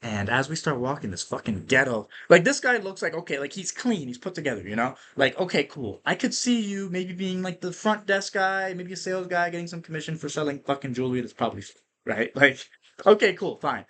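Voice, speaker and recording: Lively, bright-voiced podcast host. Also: male voice, fairly high pitch, fairly quick. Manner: energetic and profane, full of fillers like "right?". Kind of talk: casual storytelling monologue.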